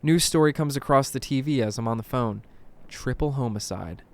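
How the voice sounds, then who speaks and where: A man narrates spooky first-person stories in a scripted, dramatic reading. His voice sits at a middle pitch. He drops into a hush when the tension builds and jumps up when things go wrong. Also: moderate pace. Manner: dramatic, hushed at tense moments, bursts of alarm. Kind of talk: scripted horror story narration.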